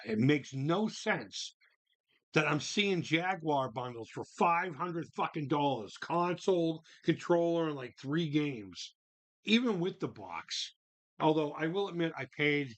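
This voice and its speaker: A man chatting on his live stream, his voice lively and swinging widely in pitch, and fairly high for a man. He swears freely, cries out in disbelief and rambles through restarts while reacting to viewers. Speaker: livestream host reading viewer chat. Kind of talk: casual live-stream chat.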